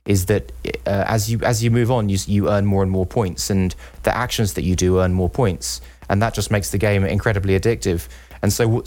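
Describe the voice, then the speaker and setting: A man with a fairly low voice co-hosts a casual tech podcast. He stumbles and repeats words as he starts his sentences, and he slips jokes in between. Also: darkish tone. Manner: halting, repeats words, joking. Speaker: podcast co-host. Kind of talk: casual conversation. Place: Los Angeles.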